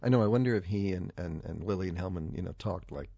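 Low gravelly man hosting a book podcast. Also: quick pace, mellow, lo-fi sound. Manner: wry, teasing. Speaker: podcast host. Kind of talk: interview hosting.

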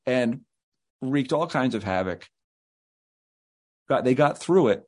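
A man's voice: mid-range voice, lively intonation, unhurried, a little mellow, slightly rough. A man with a mid-range voice, spinning rambling anecdotes as a guest author. He talks in long, meandering stretches and often acts out what other people said. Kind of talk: anecdotal storytelling in an interview.

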